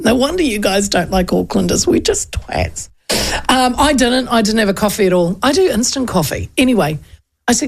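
A woman's voice: medium pitch, vocal fry. A woman with a New Zealand accent hosting a radio show, telling stories in a chatty, self-mocking way and acting out what people said. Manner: chatty, animated, self-mocking, acts out quotes. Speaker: radio host. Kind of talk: casual radio chat and storytelling.

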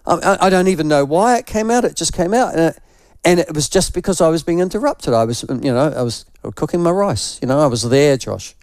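Older NZ radio host, unwell with flu, fairly high voice, rambling self-deprecating yarns, dry studio sound. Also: male voice, expressive, brisk, darkish tone, dry recording. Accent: New Zealand. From New Zealand. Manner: rambling, self-mocking storyteller. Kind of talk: casual morning radio chat.

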